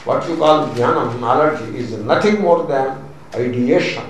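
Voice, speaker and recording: A man's voice: medium pitch, unhurried. A man with an Indian accent, a swami teaching scripture in a lecture, stressing points by repeating them and using Sanskrit terms. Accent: Indian English. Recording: very echoey room, mic far off, faint noise.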